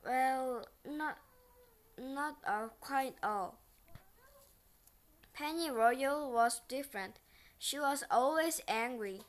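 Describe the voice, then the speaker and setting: A woman reading a children's picture book aloud, slow and halting, often restarting words. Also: sits high. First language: Korean.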